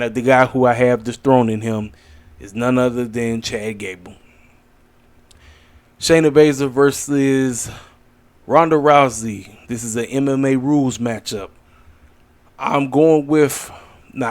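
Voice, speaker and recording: A man hosting his own wrestling channel, giving blunt, opinionated predictions in a rambling casual chat, tired and yawning late at night. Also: medium pitch. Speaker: wrestling commentary channel host. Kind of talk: casual solo predictions video.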